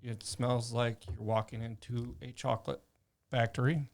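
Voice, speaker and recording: A man's voice: medium pitch, level tone, moderate pace, darkish tone. A man in a casual podcast chat, telling things in a laid-back way. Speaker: podcast co-host.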